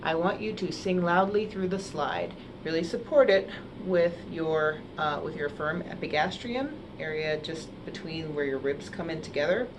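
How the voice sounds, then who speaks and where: A woman voice teacher explaining singing technique in a relaxed way, with many fillers, and sometimes singing the exercises herself. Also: low-pitched, normal speed, hardly any pauses, noisy background. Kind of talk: singing lesson. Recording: piano playing along.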